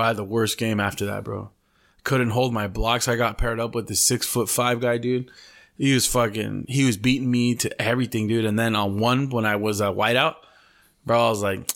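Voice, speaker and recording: A man's voice: on the low side, steady tone, normal speed, creaky, a bit bright. A young man co-hosting a podcast, telling long profane stories in a slangy, casual way and dropping Spanish slang into his English. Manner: profane, slangy storytelling full of "bro". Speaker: podcast co-host. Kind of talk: casual chat.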